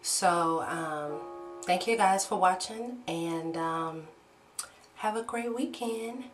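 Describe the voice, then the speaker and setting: Woman vlogger, lively profane storytelling, sits back from the mic, faint music. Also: lowish voice, takes it slowly, distant mic. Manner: animated, swearing storyteller who acts out shouted quotes. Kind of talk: storytime vlog. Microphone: own camera.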